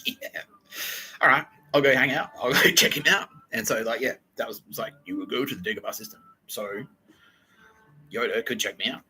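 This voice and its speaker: A man's voice: medium pitch, a little fast, pushed and bright, slight background noise, poor audio. An Australian man hosting a podcast, telling a rambling comic story full of swearing and laughter. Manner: profane, laughing, digressive storytelling. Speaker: podcast host.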